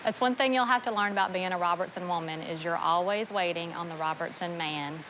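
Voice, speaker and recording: Bright-voiced woman, teasing. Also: fairly low pitch, a little fast, slight background noise. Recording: light background music.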